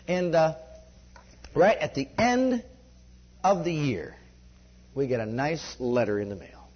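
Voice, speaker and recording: A man preaching in a conversational storytelling way, animated and laughing often as he gives a testimony. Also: fairly high pitch, slow, slightly rough. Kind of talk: sermon storytelling. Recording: dull lo-fi recording.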